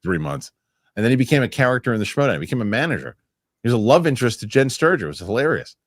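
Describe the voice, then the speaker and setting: A man's voice: mid-range voice, big pitch swings, rapid-fire, creaky, no room sound, clean studio sound. A man hosting a casual talk show, reading viewer comments and rambling through stories. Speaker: show host.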